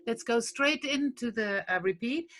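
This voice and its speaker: A woman's voice: on the high side, animated, unhurried, over loud music. A woman leading a lullaby workshop, patiently explaining a song step by step and breaking off to sing phrases. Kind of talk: teaching a song to a group.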